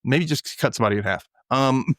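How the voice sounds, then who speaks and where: A podcast host casually recaps a TV episode, acting out the characters' lines in little voices. His medium-pitched voice is fairly quick and fairly bright, in a dry, studio-quality recording.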